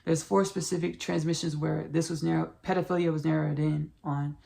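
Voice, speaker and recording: This podcaster is a woman with a deep, warm voice, a steady tone and vocal fry, talking fairly quickly in a Southern US country accent. She rambles repetitively through a spiritual monologue, restarting often and calling listeners "y'all" and "baby" in familiar asides.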